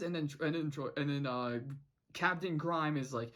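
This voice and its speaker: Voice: mid-range voice, normal speed, a bit bright. A cartoon reviewer recapping an episode in a casual vlog, rambling with many restarts and quoting the characters' lines.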